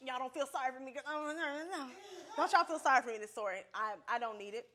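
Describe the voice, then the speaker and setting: Podcast guest: young woman with a high, sharp voice, swearing and laughing through her stories. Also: racing. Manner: profane, animated, laughing often. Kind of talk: casual storytelling. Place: podcast studio with a live audience.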